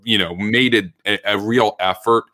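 Deep-voiced guy arguing policy, bright edge, dry sound, keeps restarting. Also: fairly even intonation, dry recording. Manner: earnest, halting, many restarts. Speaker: debate guest. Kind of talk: political debate.

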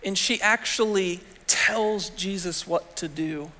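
A man preaching in a church with a notably high-pitched voice. He talks to the congregation in a conversational way, asking rhetorical questions as he goes. His voice rings with a long reverb from the large hall. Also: slow, few pauses, bright, forceful tone. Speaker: pastor. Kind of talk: sermon. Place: church sanctuary.

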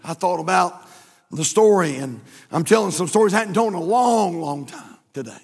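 A man's voice: sits high, expressive, moderate pace, a little mellow, slightly rough. A male pastor preaching a sermon, telling a story in a folksy way and building emphasis through repeated phrases. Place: church sanctuary. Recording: long church hall reverb.

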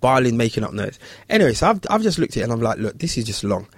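A man's voice: racing, husky, no room sound. A man, a barber telling a story in casual chat and acting out the voices of the people in it. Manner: animated, acts out voices in high pitch.

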